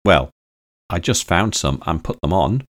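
A man's voice: low-pitched, lively intonation, a little slow. A man reading aloud, voicing a sceptical young woman who smokes and talks bluntly and sarcastically. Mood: puzzled.

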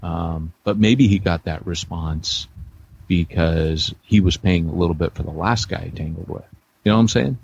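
A man's voice: sits low, normal speed, vocal fry, muffled recording, slight background noise. A middle-aged man co-hosting a podcast, telling rambling, self-deprecating stories with many restarts in a casual chat. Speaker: podcast co-host, church planter.

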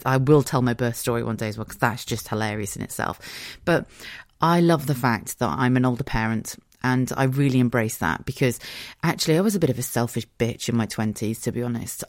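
A woman's voice: extremely low pitch, darkish tone, dry recording, studio quality. A woman in her late thirties hosting a solo podcast, talking frankly and emotionally, swearing freely and laughing at herself. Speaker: podcast host. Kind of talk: candid solo podcast confession.

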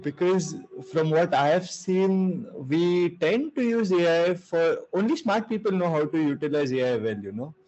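Young guy from india on a muffled video call, laid back, kinda higher voice. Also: expressive, normal speed, few pauses, a little mellow. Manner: laid-back, laughs often, searches for words. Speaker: guest entrepreneur. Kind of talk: casual video-call interview.

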